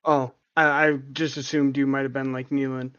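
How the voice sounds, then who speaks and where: A man's voice: medium pitch, level tone, normal speed, a bit bright, smooth. A man playing a tabletop game, hesitant and stammering as he talks. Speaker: player. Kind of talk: tabletop role-play. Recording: muffled lo-fi recording.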